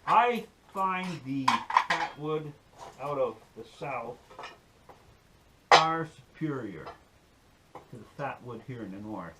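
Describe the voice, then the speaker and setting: A man's voice: mid-range voice, animated, takes it slowly, pauses often, heavy background noise. A man giving a folksy, rambling demonstration and telling a joke on his channel. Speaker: outdoor-skills YouTuber.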